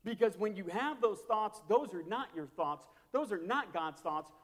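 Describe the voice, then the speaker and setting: A man preaching a sermon as a pastor, impassioned and repetitive, swinging from hushed to loud. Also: sits high, expressive, moderate pace. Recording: long hall reverb.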